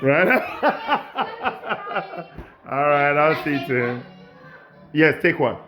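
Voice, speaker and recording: A man, a childcare educator gently encouraging and instructing children as they cook. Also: on the high side, steady tone, unhurried, over music. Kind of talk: instructing children while cooking.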